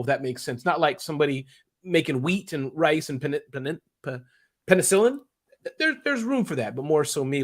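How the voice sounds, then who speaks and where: A man chats as an interview guest. He rambles and gets emotional as he goes, and his voice stays animated throughout. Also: a little high. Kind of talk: casual interview chat.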